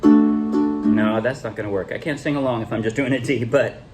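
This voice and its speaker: Over loud music, a man with a mid-range voice teaches a ukulele song in a casual tutorial. His explanations are relaxed and halting, with restarts as he counts the beat, calls strums and shows chord changes.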